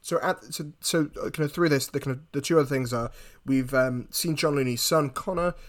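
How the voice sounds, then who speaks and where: A man talks through a film's plot in a loose, chatty way, often restarting his sentences. His voice sits at an everyday middle pitch. The recording is dry and close, with no room sound. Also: brisk, dry recording. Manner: retells plot at length with many restarts. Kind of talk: casual film discussion.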